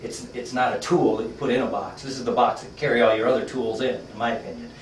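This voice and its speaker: A man's voice: mid-range voice, fairly even intonation, fast talker, reverberant, far from the mic, a little hiss or hum, rough recording. A man teaching a workshop class, telling a story in a conversational, folksy way with lots of fillers. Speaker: workshop trainer.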